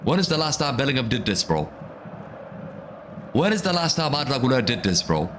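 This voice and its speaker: A man doing live football reaction commentary as a watch-along streamer, excitable and ranting, often repeating himself. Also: mid-range voice, brisk, a little hiss or hum.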